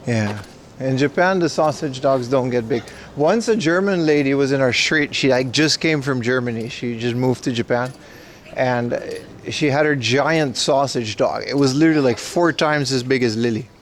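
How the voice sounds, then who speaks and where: A man's voice: mid-range voice, moderate pace, a little hiss or hum. A man hosting a casual outdoor livestream, joking and answering chat questions aloud as he walks city streets. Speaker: livestream host.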